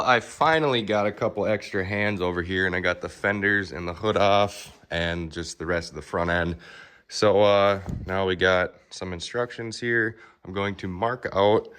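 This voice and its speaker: A man's voice: low-pitched, fairly bright tone. A young man working as a car fabricator, casually rambling through a shop vlog with lots of fillers. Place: car workshop.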